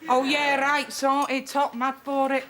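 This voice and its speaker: A woman's voice: high voice, monotone, takes it slowly, a crowd in the background. A woman playing a dazed teenage boy who fakes a northern swagger in a TV comedy sketch, rambling and spaced out. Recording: loud noisy archive TV clip.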